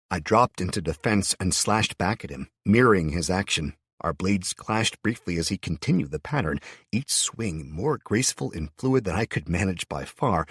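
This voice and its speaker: A man narrating a fantasy audiobook in the first person, in a steady storytelling manner. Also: low-pitched, husky, no room sound, clean studio sound.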